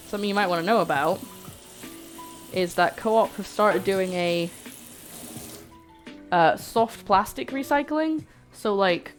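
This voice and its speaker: A woman hosting a cooking livestream, chatting playfully with her viewers as she works. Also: mid-range voice. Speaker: cooking stream host. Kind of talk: casual livestream chat while cooking. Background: faint background music.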